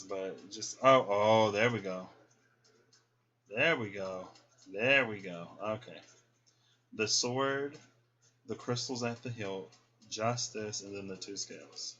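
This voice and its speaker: A man's voice: lowish voice, a bit bright, lo-fi sound. A man giving a casual, chatty tarot reading to his viewers. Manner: chatty, folksy, talks to viewers as y'all. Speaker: tarot reader.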